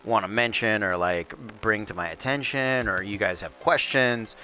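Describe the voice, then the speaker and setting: A man hosting a live tabletop game stream and reviewing rules, relaxed and rambling, with fillers and restarts. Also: lowish voice, moderate pace, a little hiss or hum. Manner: says he has his announcer voice on. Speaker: host and game master of a PvP league stream. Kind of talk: livestream talk, reviewing rules. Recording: faint background music.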